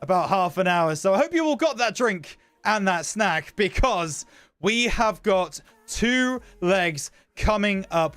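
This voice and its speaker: A young man hosts an esports football final with upbeat, playful energy, welcoming viewers and running through line-ups. His voice sits high and has a smooth, clear tone. It is recorded dry and close. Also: expressive, slow, fairly bright tone, no echo. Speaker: esports host. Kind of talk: esports pre-match presenting.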